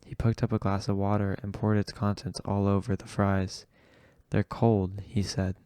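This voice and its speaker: Low, even-voiced man reading an audiobook. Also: clean tone, dry recording. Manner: slow, measured reading. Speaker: audiobook reader. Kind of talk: audiobook narration.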